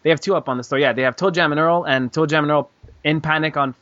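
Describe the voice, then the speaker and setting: A man hosting a casual gaming podcast, excitable, swearing and laughing often. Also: fairly high pitch, quick pace, lo-fi sound. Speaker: podcast host.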